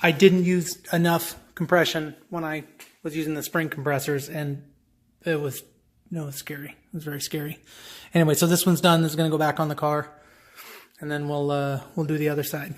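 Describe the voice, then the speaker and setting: A man's voice: on the high side, level tone, fairly quick. A man talking casually through his own car repair job in a DIY vlog, rambling and talking to himself as he works. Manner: rambling, self-talking, chatty with restarts. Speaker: car hobbyist vlogger.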